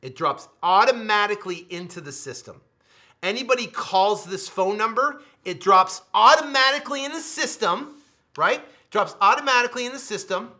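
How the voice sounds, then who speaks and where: A man in a driven sales pitch, hammering the same phrases again and again. His voice sits high and sounds bright and forceful. Now and then he drops into a low, quiet aside. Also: expressive, moderate pace. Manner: repetitive, emphatic, with sudden drops to a low mutter. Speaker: host pitching his software.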